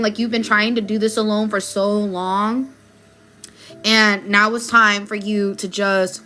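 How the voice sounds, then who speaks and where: A woman's voice: on the high side, fairly bright tone. Chatty young woman giving a livestream tarot reading. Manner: chatty, loose and encouraging, laughs easily.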